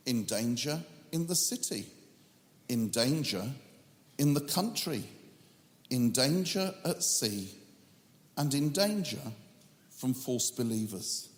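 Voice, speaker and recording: A male preacher reading scripture in a slow, measured way, breaking in with humorous asides. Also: mid-range voice, sing-song. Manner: reads scripture in a measured, drawn-out cadence. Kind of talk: sermon. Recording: echoey hall with long reverb.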